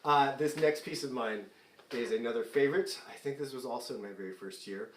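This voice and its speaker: A man's voice: mid-range voice, a little fast, roomy sound, a little hiss or hum. A man in his forties hosting a concert from afar, chatting casually between songs in a self-deprecating way and often laughing. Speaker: singer hosting a fundraising concert. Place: performing remotely, away from the stage.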